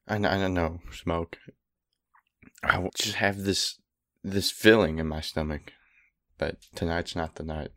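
A man playing his character at a tabletop game, speaking in a halting, hesitant way. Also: low-pitched, fairly even intonation, a bit bright, no echo, clean studio sound. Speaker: player.

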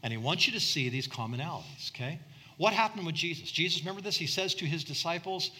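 A man preaching a sermon as a pastor, animated, acting out the people he quotes. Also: fairly high pitch, quick pace. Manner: animated, acts out quoted voices.

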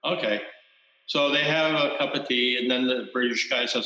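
A man's voice: medium pitch, bright, forceful tone. Reflective male Zen teacher in an echoey room. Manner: reflective, halting, many restarts and fillers. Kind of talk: dharma talk. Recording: roomy echo.

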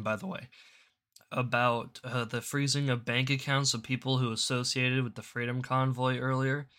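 A man's voice: mid-range voice, bright, forceful tone. A man hosting a casual political commentary show, rambling and stammering, often repeating words. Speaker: show host.

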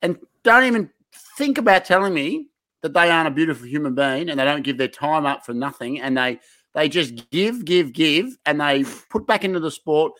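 A man co-hosting a podcast in casual chat, excitable and hype-building, swearing freely. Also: on the high side, normal speed, dry recording. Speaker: podcast co-host.

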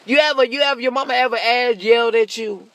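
A brash man riffing through a stand-up bit, cursing freely and laughing at his own jokes. His voice sits high and comes out bright and sharp. Now and then he jumps into a shrill mocking voice. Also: fast talker. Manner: profane, brash, laughs often. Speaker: comedian. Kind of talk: stand-up monologue.

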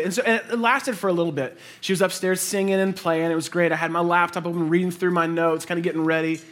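A man in his thirties preaching a sermon as a pastor, earnest, mixing personal stories with building emphasis and quiet, low endings. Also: slight background noise. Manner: earnest, builds to intense emphasis then drops soft and low; conversational storytelling with quick asides.

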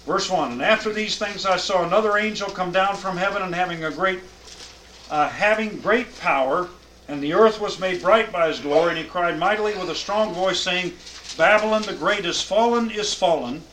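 Man, Bible teacher, higher-pitched voice, emphatic scripture reading, faint hiss behind. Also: normal speed, fairly bright tone, low-quality recording. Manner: reads scripture aloud with emphatic cadence, then explains.

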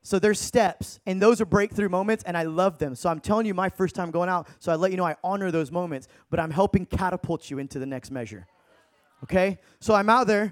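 A man in his thirties preaching a sermon, telling stories in an animated, casual way with slang. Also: high voice, brisk. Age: 30s.

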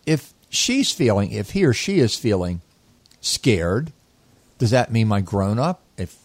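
Low-voiced man explaining, very dry sound. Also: a little mellow, no echo. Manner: reflective, explanatory, meandering restarts. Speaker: co-host, inner child therapist. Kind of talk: casual conversational teaching.

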